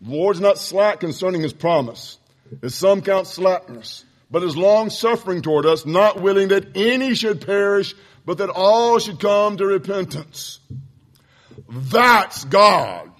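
A man's voice: sits high, expressive, a little slow. A male preacher, teaching a sermon lesson bluntly and with passion, often calling his listeners folks.

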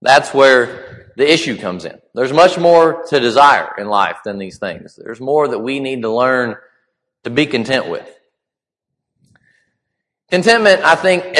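A man delivering a sermon in a conversational, halting way with frequent restarts. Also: medium pitch, fairly bright tone. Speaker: preacher. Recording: long hall reverb.

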